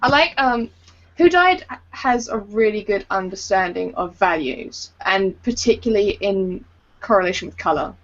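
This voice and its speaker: A woman co-hosting an art podcast in casual chat, giggly and animated. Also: mid-range voice, moderate pace, highs cut off. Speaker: podcast co-host.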